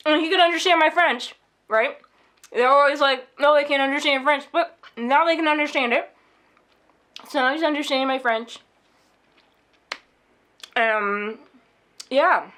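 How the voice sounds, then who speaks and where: A woman with a high voice vlogs from home, still shaken and upset. She tells her story in a rushed, animated way, slipping into the voices of the people she met. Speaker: vlogger. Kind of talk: casual storytelling vlog. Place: at home indoors.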